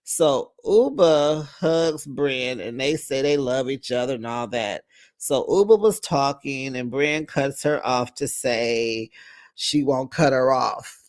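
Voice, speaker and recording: A reality-show recap host talking at an unhurried, drawn-out pace. The tone is chatty and sassy, full of casual asides to the viewers. The voice sits at a middling pitch. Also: lively intonation.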